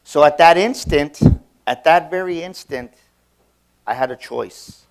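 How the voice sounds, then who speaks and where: Telling a personal story at a motivational seminar, this man has a fairly high, gravelly voice and an unhurried pace. He speaks emphatically, acts out what people said, and often repeats words or restarts.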